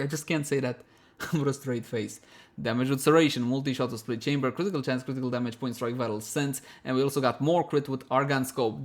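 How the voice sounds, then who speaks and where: A man talks viewers through a video game guide in a slightly raised voice. He is chatty and animated, calls his audience his friends, and pokes fun at himself along the way. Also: on the high side. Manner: chatty and self-mocking, often breaking into laughter. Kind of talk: voice-over gameplay guide.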